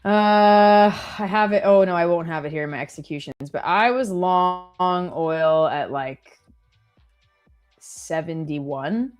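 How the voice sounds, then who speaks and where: A young woman with a slightly low voice chats her way through a live trading stream. She tells stories loosely and fills them with "like". Faint music plays underneath. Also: slow, lo-fi sound. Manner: chatty, storytelling, lots of "like". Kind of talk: casual chat.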